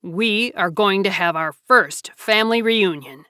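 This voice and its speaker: A woman reading a calm grown man. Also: mid-range voice, unhurried, clean tone, no echo, studio quality. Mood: earnest. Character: grown man, calm, warm, bearer of news.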